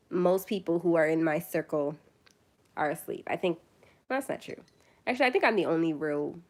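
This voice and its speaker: A woman's voice: deep voice, darkish tone. A young woman chatting casually on her first phone livestream, tired late at night, rambling and self-deprecating.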